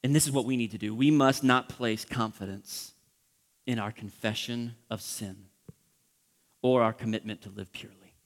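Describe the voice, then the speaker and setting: A man preaching a sermon as pastor, impassioned, acting out prayers and dropping from loud pleading to hushed whispers. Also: mid-range voice, fairly even intonation, moderate pace, long reverb tail.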